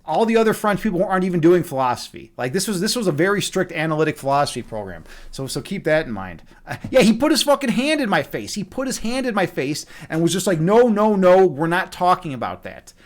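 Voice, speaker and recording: Excitable, foul-mouthed man hosting a stream. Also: high voice, fast talker, hardly any pauses. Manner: excitable, swears often, repeats himself. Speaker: livestream host. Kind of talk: casual livestream chat.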